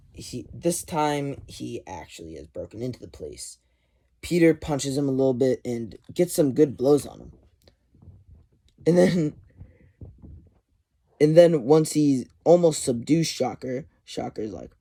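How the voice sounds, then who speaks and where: A man's voice: mid-range voice, a little slow, vocal fry, long pauses. A man casually recapping a comic issue, retelling scenes animatedly and quoting characters. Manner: animated retelling with quoted lines and chuckles. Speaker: comic book reviewer.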